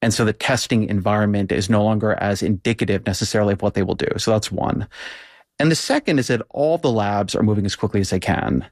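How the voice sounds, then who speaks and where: A man with a low voice leads an interview, setting out views in a measured way before putting pointed questions. His sound is close and dry, without room echo. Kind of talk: interview conversation.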